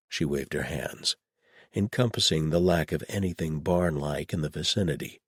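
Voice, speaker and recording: A very low, husky male voice reads a fantasy audiobook in an even, measured manner. The recording is close and completely dry, with no room sound. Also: no echo. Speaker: audiobook narrator. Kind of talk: scripted audiobook narration.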